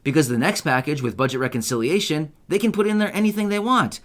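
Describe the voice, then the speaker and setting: A man hosting an online news channel, talking casually and excitedly to his viewers and often checking for agreement. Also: on the high side, quick pace. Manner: chatty, upbeat, asks viewers for agreement with repeated "right?"; loose, self-correcting delivery with fillers and restarts. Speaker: YouTube news host. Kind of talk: casual direct-to-camera commentary.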